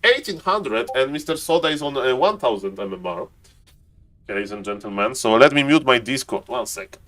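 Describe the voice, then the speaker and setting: A young man streaming and commenting on a strategy game replay, excitable, talking to chat in non-native English and tripping over words. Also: medium pitch, fairly quick. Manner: excitable, talks to chat, keeps saying "ladies and gentlemen".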